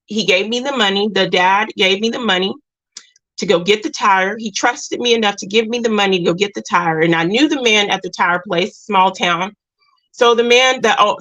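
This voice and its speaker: A woman's voice: medium pitch, fairly bright tone, rough recording. A woman telling a personal story in a casual vlog, earnest and rambling, with restarts and moments near tears. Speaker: vlogger.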